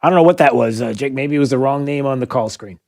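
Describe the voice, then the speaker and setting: A man's voice: medium pitch, quick pace, vocal fry, a little mellow, no echo, clean studio sound. Indignant male talk radio host. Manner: agitated, indignant, rhetorical questions, many fillers. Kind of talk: political call-in radio.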